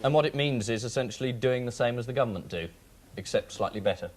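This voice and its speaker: A man firing off sharp, sardonic asides as a team captain on a TV panel show. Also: mid-range voice, quick pace. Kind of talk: improvised comic banter. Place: TV studio with live audience. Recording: old TV broadcast with loud hiss.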